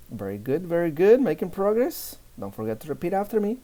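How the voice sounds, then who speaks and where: A man's voice: high-pitched, big pitch swings, brisk, few pauses, mellow. A man teaching a beginner Spanish lesson, saying each letter and word three times for learners to repeat.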